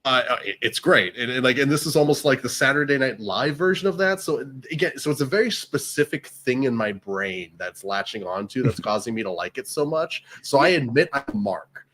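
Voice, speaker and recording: A man chatting casually about films as a co-host, middle-pitched and rambling. He restarts his sentences often and wanders into asides as he goes. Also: lively intonation, fairly quick, hardly any pauses, fairly bright tone. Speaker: podcast co-host. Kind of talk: casual chat.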